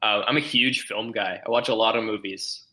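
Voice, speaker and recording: Podcast guest, male, bright and forceful tone, rambly and filler-heavy. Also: fairly low pitch, fairly even intonation, moderate pace, low-quality recording. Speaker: podcast guest, team blogger. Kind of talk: casual podcast chat.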